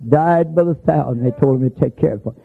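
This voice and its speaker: A man's voice: medium pitch, brisk, creaky, breathy edge, soft background music. A man preaching a sermon in a folksy, storytelling manner that climbs to emphatic hollers. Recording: tinny phone-like sound.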